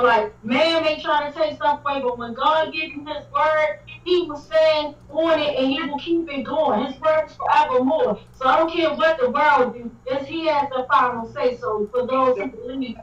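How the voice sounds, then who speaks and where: High-pitched woman host, effusive, repetitive; echoey, dull remote audio. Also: far from the mic. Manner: effusive, repeats "like" and phrases. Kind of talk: casual supportive chat.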